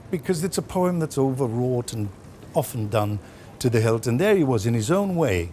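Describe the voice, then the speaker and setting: A Welsh-born man speaking as a studio guest in a broadcast interview, telling a story with many pauses and fillers. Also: medium pitch, animated, dark tone, a little hiss or hum. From Wales.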